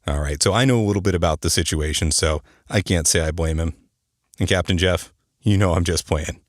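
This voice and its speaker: A man's voice: low-pitched, brisk, no room sound, studio quality. A man hosting his own podcast, chatty and joking, who works as an air traffic controller and explains the terms of his job to listeners. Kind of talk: casual podcast monologue.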